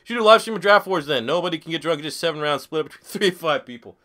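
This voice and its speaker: A man's voice: fairly high pitch, animated, rapid-fire, sharp tone. A young man live streaming a football video game, swearing freely, joking and reading chat questions aloud. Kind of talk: casual live stream commentary.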